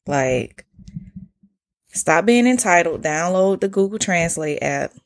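A young woman with an Atlanta Southern accent, hosting a podcast and telling travel stories in a candid, slangy way with plenty of swearing. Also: fairly low pitch. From United States. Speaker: podcast host. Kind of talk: casual solo podcast storytelling.

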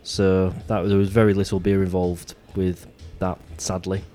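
A man hosts a relaxed chat, his voice sitting fairly low. He talks in an easygoing way with dry humour, often doubling back to restart a phrase. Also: normal speed, soft background music. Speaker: podcast host. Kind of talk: casual chat.

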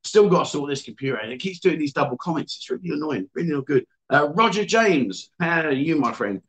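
A chatty man hosts a casual livestream from an indoor venue, greeting viewers by name and reading their comments aloud. His voice sits a little higher than most men's, and his delivery stays upbeat and informal. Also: sing-song, a little fast, fairly bright tone. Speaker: livestream host.

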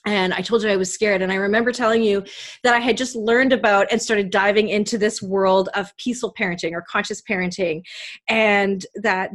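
A woman's voice: medium pitch, fairly even intonation, brisk. A woman from Canada hosting a podcast interview, talking in an earnest, heartfelt way about a personal story. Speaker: podcast host. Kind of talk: emotional conversational interview.

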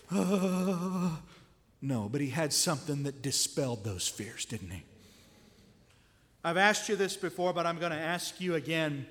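High-voiced, slow-speaking male preacher. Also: fairly bright tone, long reverb tail. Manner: conversational, asks the listeners rhetorical questions. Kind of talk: sermon.

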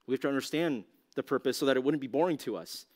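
A man's voice: medium pitch, fast, darkish tone. A man teaching a youth ministry talk in a casual, conversational way, full of "like" and rhetorical questions to his listeners. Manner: casual, conversational, heavy use of "like"; asks the audience rhetorical questions. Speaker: youth pastor.

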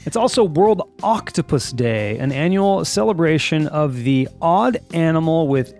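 A man's voice: a little high, expressive, measured pace, hardly any pauses, a little mellow, faint music behind. A man hosting a podcast, chatting casually and telling rambling, jokey stories. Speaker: podcast host. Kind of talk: casual chat.

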